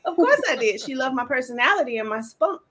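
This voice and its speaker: A woman hosting a casual sports talk show, playful and chatty and quick to laugh at herself. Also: high voice, animated, fairly bright tone. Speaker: podcast host. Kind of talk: casual chat.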